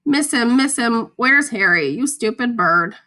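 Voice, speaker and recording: A pet parrot that keeps repeating the same few phrases in a squawky way, done by a woman reading aloud. It sits a touch higher than the narration, with a bright, sharp edge. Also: expressive, a little slow. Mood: insistent.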